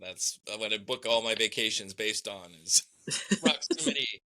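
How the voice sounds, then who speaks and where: Deadpan man with a sharp, lowish voice. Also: measured pace. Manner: short dry deadpan replies. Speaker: podcast co-host. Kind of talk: casual chat.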